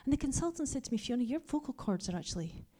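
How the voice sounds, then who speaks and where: A woman in her forties, a pastor giving a lively sermon full of personal stories, who drops to a hushed whisper for her asides. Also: sits high, quick pace.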